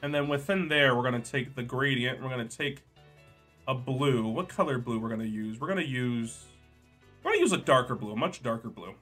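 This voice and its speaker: A man's voice: mid-range voice, animated, fairly quick, fairly bright tone, slightly rough, faint music behind. A young man streaming, chatting casually, joking and reading chat aloud while editing art.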